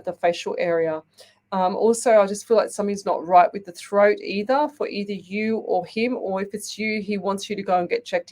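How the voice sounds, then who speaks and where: A woman, hosting a live psychic reading show, chatty and halting, with many fillers. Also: mid-range voice, a little mellow. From Australia. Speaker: psychic medium host.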